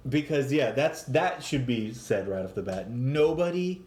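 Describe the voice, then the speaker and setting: A man's voice: mid-range voice, expressive, unhurried, darkish tone, echoey room. A man co-hosting a casual movie podcast, wryly mocking the film and quoting lines. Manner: wry, mock-quoting characters. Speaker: podcast co-host.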